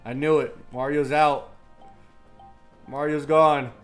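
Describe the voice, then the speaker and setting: A man's voice: on the high side, little pitch movement, slow pace, soft background music. Young man grumbling and swearing at a game. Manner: crude trash talk, swinging from mumbled grumbling to yelling. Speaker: gaming YouTuber. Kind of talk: live gameplay commentary.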